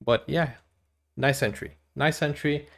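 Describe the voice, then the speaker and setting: A man from Brazil, hosting casual movie reaction commentary, chatty and giggly, with animated exclamations. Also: fairly high pitch, a little slow, creaky.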